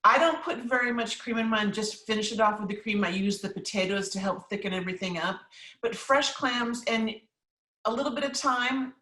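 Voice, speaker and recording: A woman's voice: a little high, moderate pace, pushed and bright, recorded from a distance. A woman chef and cookbook author from New England answers questions in a casual live cooking class, chatty and emphatic with many ums. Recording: roomy echo from off-mic.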